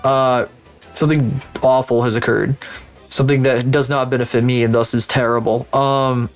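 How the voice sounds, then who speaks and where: A man's voice: mid-range voice, little pitch movement, moderate pace, soft background music. A man streaming live, chatting casually and with lots of swearing while he works through 3D rigging and talks to his viewers. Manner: profane, rambling, sarcastic, talks to viewers.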